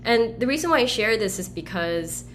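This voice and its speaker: Direct, energetic woman on a video call. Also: a little high, normal speed, slight background noise. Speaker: roundtable guest. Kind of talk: casual group discussion.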